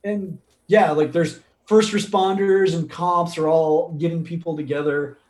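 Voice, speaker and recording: A man narrating a tabletop role-playing game as game master, telling the action in a loose, animated way with many fillers. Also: fairly high pitch, a little slow. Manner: animated, filler-heavy storytelling.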